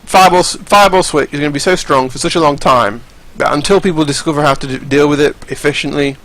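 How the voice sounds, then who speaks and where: A man's voice: on the high side, quick pace, a bit bright, rough recording. A young man giving casual, rambling, profane commentary over fighting game footage, often restarting his sentences.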